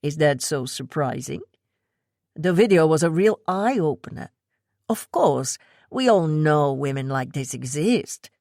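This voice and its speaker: A woman playing a poised, self-assured woman who hosts a podcast, low in pitch and unhurried. She talks in a measured, composed way, recorded dry and close for an audiobook. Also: lively intonation, gravelly, a little mellow, dry recording, heavily acted. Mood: cool composed.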